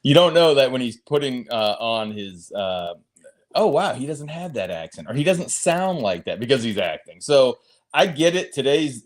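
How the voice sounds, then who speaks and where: A man co-hosting a podcast, speaking in a measured, reflective way with frequent laughs. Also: mid-range voice. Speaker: podcast co-host. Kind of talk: casual chat.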